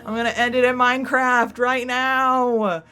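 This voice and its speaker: Young female let's-play host, exasperated and rambling, drawn-out delivery, soft music bed. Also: fairly high pitch, level tone, clear, resonant tone. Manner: exasperated, self-scolding outbursts and rambling theorizing. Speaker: gaming YouTuber playing through a game.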